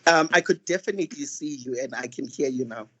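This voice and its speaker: A man's voice: mid-range voice, fairly quick, dull audio, heavy background noise. A young man hosting an online student training over a video call, joking and full of fillers. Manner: playful, joking, with many fillers. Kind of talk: casual event hosting.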